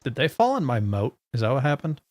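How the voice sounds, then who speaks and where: A man's voice: mid-range voice, big pitch swings, quick pace, a little mellow, no room sound. A man streaming a game, chatting casually and joking with his viewers in a rambling way. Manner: rambling and joking, talking to chat.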